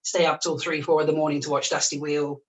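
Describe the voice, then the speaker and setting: Chef-streamer, casual and giggly, mid-pitch voice, cooking and chatting at once, mic a fair way off. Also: level tone, quick pace. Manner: chatty, laughs often, busy cooking while talking. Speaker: chef and charity livestream host. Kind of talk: casual livestream chat. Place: home kitchen with the oven on. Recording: voice picked up from a distance.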